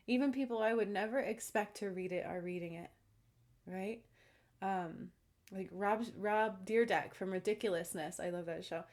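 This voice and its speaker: A woman's voice: medium pitch, moderate pace, a little mellow. A woman talking casually to her viewers, earnest and emphatic, often checking in with "okay?". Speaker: self-described spiritual channeler. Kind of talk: casual monologue to camera.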